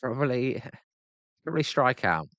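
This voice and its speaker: A man's voice: mid-range voice, very animated, a little slow, fairly bright tone, dry recording, muffled recording. British man grumbling through play-by-play. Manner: chatty, answers chat by name, grumbling. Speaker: live-stream host. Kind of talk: casual live play-by-play reaction.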